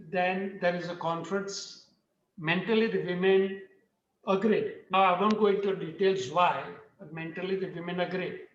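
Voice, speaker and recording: A man on a discussion panel, telling a story earnestly and often repeating his phrases. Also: high-pitched. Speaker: panel speaker. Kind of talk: storytelling talk. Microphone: video call. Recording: roomy, distant, dull video-call audio.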